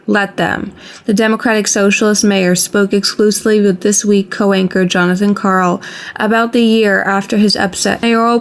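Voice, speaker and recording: Measured woman reading the news. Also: medium pitch. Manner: even, measured newscaster delivery. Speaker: news reader.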